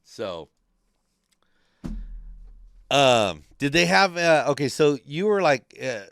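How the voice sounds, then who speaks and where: Male podcast host, casual storyteller, lots of swearing, crisp tone. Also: a little high, takes it slowly. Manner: profane, rambling, animated storyteller.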